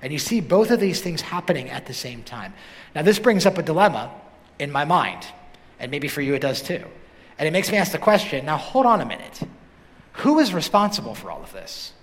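A man preaching a sermon as pastor, animated and building to emphatic questions. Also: fairly high pitch, fairly quick. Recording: long hall reverb.

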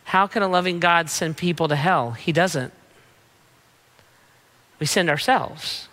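A man's voice: a little high, unhurried, sharp tone. A man preaching a sermon in a punchy, emphatic way, mixing in casual slang. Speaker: pastor.

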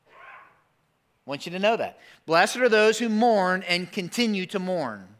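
A male pastor delivers a sermon in a conversational way, posing rhetorical questions to his congregation. His voice is high, expressive, and fairly bright, and he takes his time.

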